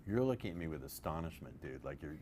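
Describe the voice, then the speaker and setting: A man with a very low voice teaches a live seminar to a room of listeners. He is playful and profane, and keeps drawing the audience in with questions. Faint noise sits under his voice. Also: big pitch swings, fast, a little mellow. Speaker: seminar presenter teaching persuasion.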